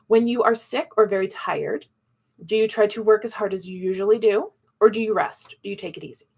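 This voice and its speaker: A woman's voice: mid-range voice, gravelly. A woman teaching a live online class, playful and chatty, acting out quoted voices.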